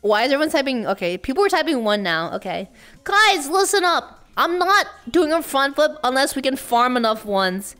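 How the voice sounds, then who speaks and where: A woman streamer with a high, squeaky voice, chatting casually and excitably with her chat, often shrieking and laughing. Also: normal speed, soft background music.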